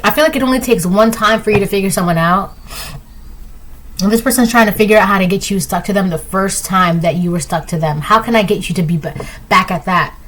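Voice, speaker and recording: A woman giving a tarot reading in a loose, rambling way, stopping often to ask "right?" and filling her talk with "like". Her pitch sits in a middle range, and she speaks. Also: brisk, fairly bright tone, a little hiss or hum, rough recording. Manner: chatty, rambling, full of "like" and "right?"; acts out quoted lines in a higher voice. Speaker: tarot reader. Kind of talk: casual tarot reading monologue.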